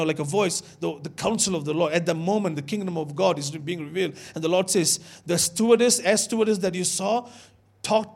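A young man preaching a sermon, telling a story with emphatic repetition and calling out to the congregation. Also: high-pitched. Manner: animated, emphatic, repeats words, calls out to the congregation. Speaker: pastor.

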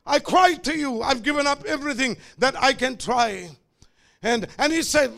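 High gravelly shouting preacher. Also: male voice, expressive, unhurried. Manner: shouting call-and-response preaching, swinging between loud and quiet asides. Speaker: pastor. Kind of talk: sermon.

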